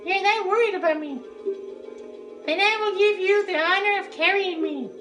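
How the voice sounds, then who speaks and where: A woman's voice: very high voice, moderate pace, fairly bright tone, faint music behind. A woman voicing a bossy, proud young fish-girl princess who speaks imperiously and dismissively in a video game. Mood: haughty. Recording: echoey roomy sound.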